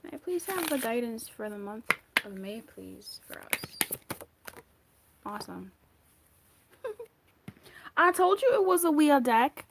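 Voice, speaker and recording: A woman's voice: sits high, big pitch swings, takes it slowly, gravelly, pauses often, background noise. A woman giving a casual monthly tarot reading, chatty and rambling, wandering off on tangents and restarting her sentences. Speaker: tarot card reader.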